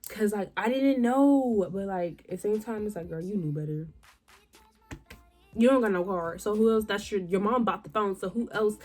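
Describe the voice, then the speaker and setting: An animated young woman tells a casual storytime, full of slang, and acts out her own past lines. Her voice sits at an everyday middle pitch, with faint music playing behind her. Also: normal speed. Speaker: vlogger.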